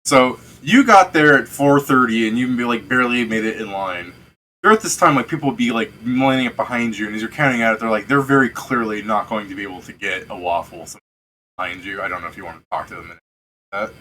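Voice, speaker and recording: A man's voice: on the low side, a little fast, bright, forceful tone, slight background noise. Laughing, rambling male game master. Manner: rambling, laughing often, swearing. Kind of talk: casual tabletop narration.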